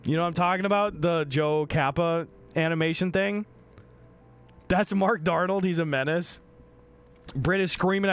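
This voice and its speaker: A young Midwestern man chats casually on a live stream, speaking at normal speed in a voice that sits high. He's animated and joking, swears a lot and reads viewer messages aloud.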